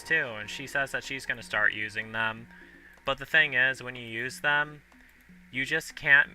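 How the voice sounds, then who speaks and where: A man's voice: medium pitch, bright, forceful tone. A young man in his twenties rambling casually with many fillers and restarts while playing a city-building game, hiccuping now and then. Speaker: gaming video host. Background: game music.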